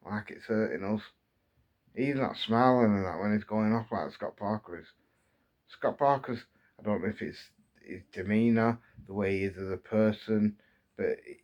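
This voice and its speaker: In a muffled recording, a lowish-voiced Englishman in his thirties rants to camera on his channel as an angry football fan. He is heated and keeps repeating himself while his frustration builds.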